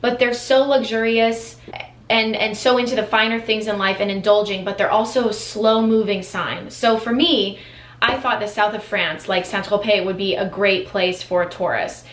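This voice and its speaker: An American woman vlogger with a medium-pitched, fairly bright voice talks casually and enthusiastically to camera at a moderate pace. Her tone stays steady, though she uses lots of fillers and restarts. The room sounds echoey.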